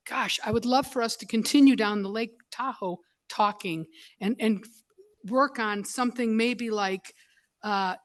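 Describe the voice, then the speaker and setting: A school board member, a woman, speaking at a public meeting in an emotional, halting way, choked up and apologizing as she goes. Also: medium pitch.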